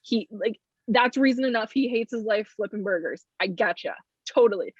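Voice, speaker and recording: A young woman hosting a casual movie review chat, animated and sarcastic. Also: medium pitch, moderate pace, husky, dry recording. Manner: animated, sarcastic, acts out characters' lines. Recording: dull lo-fi recording.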